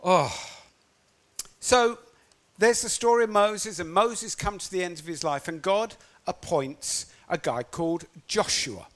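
A man preaching a sermon in an animated storytelling manner, acting out quotes as he goes. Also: high voice, measured pace.

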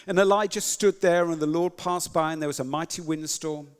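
A man preaching a sermon, retelling scripture dramatically, swinging between loud lines and whispers. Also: fairly high pitch, expressive, a little fast, hardly any pauses, big-room sound. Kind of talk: sermon storytelling.

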